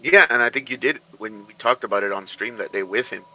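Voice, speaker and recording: A man chatting casually as a show's co-host, his voice strikingly bright. He rambles and stops to restart his thoughts often, in a loose, unhurried way. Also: medium pitch, slight background noise, low-quality recording. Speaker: podcast co-host. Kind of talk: casual chat.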